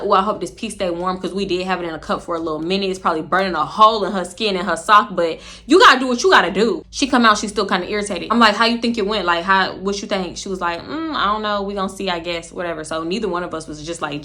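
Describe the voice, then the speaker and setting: A woman vlogger from Houston, telling a story in an animated way, swearing and laughing as she goes. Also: medium pitch. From Houston, Texas. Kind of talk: casual storytelling.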